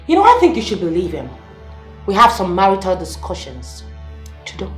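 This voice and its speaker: A woman's voice: medium pitch, huge pitch swings, normal speed. A woman with a Nigerian accent playing a defiant, taunting wife in a film scene. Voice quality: taunting, dismissive. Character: brash defiant wife, adult, provocative. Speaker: estranged wife. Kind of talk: Nollywood film acting. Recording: echoey room with music behind.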